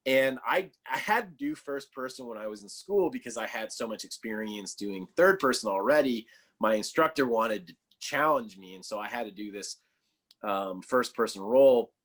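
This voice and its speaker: A man's voice: mid-range voice, expressive, normal speed, fairly bright tone. A man talking as a guest on a casual podcast, telling stories loosely with lots of fillers and a sarcastic sense of humor. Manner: loose storytelling full of fillers.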